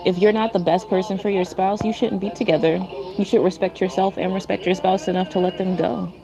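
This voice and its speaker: A woman's voice: medium pitch, fairly even intonation, a little fast, over music, poor audio. A woman hosting a casual livestream watch party, giving blunt, opinionated commentary while snacking. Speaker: livestream host.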